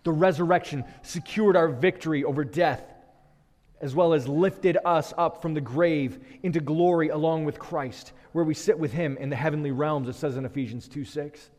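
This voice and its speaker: A man preaching a sermon, building rhythmic refrains that swell and then drop low. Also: moderate pace, darkish tone. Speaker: pastor. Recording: long hall reverb.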